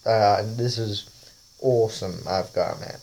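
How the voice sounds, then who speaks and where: A man's voice: on the low side, steady tone, moderate pace, darkish tone, slight background noise. A man casually talking over a face-swap app, rambling and often laughing. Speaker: vlogger.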